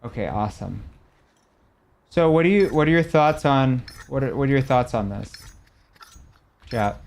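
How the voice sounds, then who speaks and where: Chatting casually on a live stream, this young adult man reacts animatedly to his viewers, getting loud one moment and soft the next. He has a mid-range voice with vocal fry and talks at a moderate pace.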